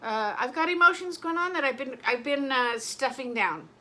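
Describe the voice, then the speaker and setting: Bright-voiced rambling woman vlogger. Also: high-pitched, animated, moderate pace. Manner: rambling, emotional, self-interrupting. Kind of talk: casual chat to camera.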